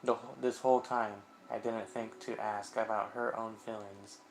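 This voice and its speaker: A man's voice: lowish voice, flat delivery, moderate pace, creaky, a little hiss or hum, low-quality recording. A man reading the lines of a guilt-ridden teenage girl who leads a school club, in an earnest, self-blaming tone. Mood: guilty.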